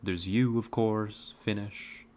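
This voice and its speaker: A woman streamer with a rumbling low, mellow voice chats casually with her viewers while playing a hunting game. She speaks slowly and steadily, rambling with plenty of fillers and restarts, and there's a slight hiss or hum in the audio.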